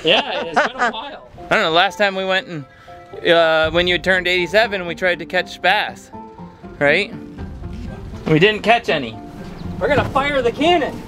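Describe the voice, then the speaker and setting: With a high, lively voice at a moderate pace, the vlogger pauses often while joking around on a boat outdoors. He's an enthusiastic channel host, and music plays beneath his upbeat talk.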